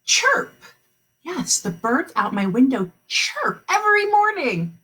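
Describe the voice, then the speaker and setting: A woman teaching a kindergarten class online, encouraging the children and sounding out words slowly. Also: high voice, big pitch swings, a bit bright, husky.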